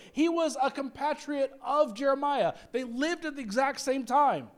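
A man preaching a sermon, animated and humorous, acting out quoted prayers and joking with the congregation. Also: very high voice. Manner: animated, acts out quoted prayers, self-deprecating humor, frequent laughs. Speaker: pastor.

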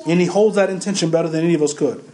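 Pastor, male, high for a man, conversational preacher who keeps questioning the congregation. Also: very fast, darkish tone, reverberant, a little hiss or hum. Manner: conversational, emphatic preaching with repetitions; addresses the congregation directly with questions. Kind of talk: sermon.

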